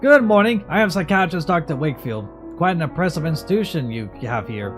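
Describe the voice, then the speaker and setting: A man's voice: fairly high pitch, animated, a little fast, soft background music, voice pushed up, lightly acted. A man reading the lines of a formal, courteous male psychiatrist in a game. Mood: polite. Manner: reads dialogue aloud in a courteous, formal tone.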